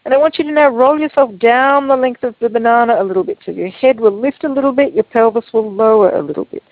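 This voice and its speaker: Gravelly woman guiding a movement lesson. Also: a little high, no room sound. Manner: calm, gentle, unhurried instructions. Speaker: Feldenkrais teacher. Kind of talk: guided movement lesson over a video call. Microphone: video call. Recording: tinny, phone-like call audio, dry.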